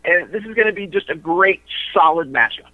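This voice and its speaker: A man calling in to a radio show, talking through wrestling matchups in a halting way, with lots of fillers and restarts. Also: high-pitched, expressive, no room sound. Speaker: wrestling promotion insider guest. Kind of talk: casual radio chat. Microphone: phone. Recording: tinny phone line.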